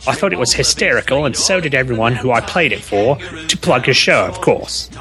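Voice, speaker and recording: A man's voice: medium pitch, lively intonation, a little fast, over music, lightly acted. A man reading out a fan letter in a put-on Australian accent, playing a male comic-book fan. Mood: cheery. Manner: hammy, exaggerated reading.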